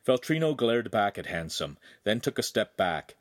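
A man's voice: on the low side, sing-song, moderate pace, few pauses, no echo, studio quality. A man reading a young adult novel aloud as the narrator, telling an action scene vividly. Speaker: audiobook narrator. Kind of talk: scripted narration.

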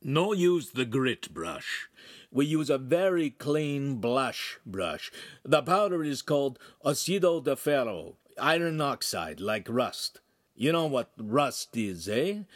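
A man's voice: mid-range voice, sing-song, slow, pitched above the performer's own voice. A man voicing a cheerful, bossy master craftsman with an Italian accent and broken English.

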